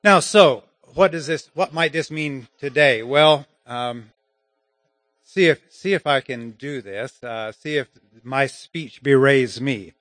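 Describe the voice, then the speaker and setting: A man preaching a sermon at an unhurried pace, pausing often with fillers as he explains. His voice sits in an ordinary middle range. The recording is dry and close, with little room sound. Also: mid-range voice, pushed and bright, dry recording. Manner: halting, many fillers.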